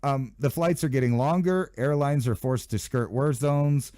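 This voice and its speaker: A man's voice: medium pitch, normal speed, warm tone, no echo, clean studio sound. A man hosting his own channel, riffing casually and sarcastically on news headlines. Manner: rambling, sarcastic asides, mock voices of officials. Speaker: channel host.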